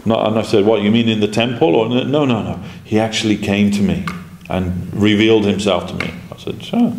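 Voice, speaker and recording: A spiritual teacher with a lowish, creaky, darkish voice speaks a little fast in an informal devotional class, telling anecdotes, acting out the quoted dialogue, and chuckling. Recorded in an echoey temple lecture room with faint background noise.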